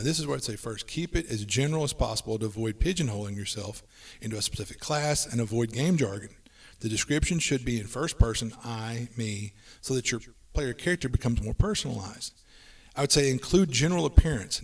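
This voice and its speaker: Male podcast host, brisk list-driven delivery, sits a bit back from the mic. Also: medium pitch, distant mic. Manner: brisk, runs through lists of tips. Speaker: podcast host giving tabletop game advice. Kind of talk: casual podcast chat.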